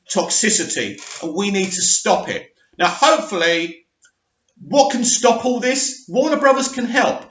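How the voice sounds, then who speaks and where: Guy ranting about movies, high sharp voice, echoey dull lo-fi room. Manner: ranting, emphatic, with frequent restarts. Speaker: movie commentary host. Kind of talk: opinionated movie news vlog.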